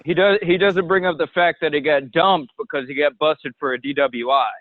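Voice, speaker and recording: Blunt caller on a tinny phone line. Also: male voice, on the high side, fairly even intonation, fairly quick, no echo. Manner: blunt, gossipy. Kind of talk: call-in complaint.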